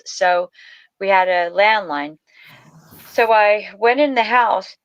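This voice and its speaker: A woman's voice: medium pitch, a bit bright, clean tone, dry recording, dull audio. A middle-aged woman telling a personal story as a podcast guest, rambling and emotional, near tears. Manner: emotional, rambling, tearful at times. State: crying.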